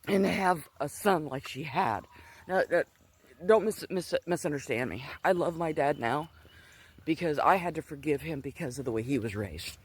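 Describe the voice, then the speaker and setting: A man's voice: a little high, lively intonation, moderate pace, husky. A middle-aged man telling a personal testimony in a casual, rambling way, slightly out of breath as he walks outdoors. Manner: rambling, digressive storytelling with many restarts. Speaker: Christian vlogger. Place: outdoors, walking.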